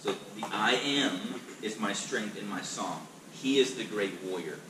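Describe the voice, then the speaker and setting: Male pastor, mid-pitched, casual and emphatic teaching; distant mic in an echoey, noisy room. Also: a little slow. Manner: conversational, emphatic, repeats words as he restarts. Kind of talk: Bible class teaching.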